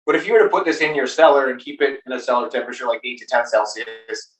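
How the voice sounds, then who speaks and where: A man's voice: medium pitch, fast talker, fairly bright tone, reverberant, recorded from a distance, rough recording. A man who is a brewmaster, chatting casually and explaining things in a loose, rambling way with many fillers. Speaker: brewmaster guest. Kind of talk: casual chat.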